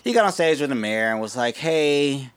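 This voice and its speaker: A man's voice: mid-range voice, very animated, fast talker, a bit bright, clean tone. A man co-hosting a casual podcast, talking loosely and profanely with lots of restarts and fillers. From United States. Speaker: podcast co-host. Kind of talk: casual chat.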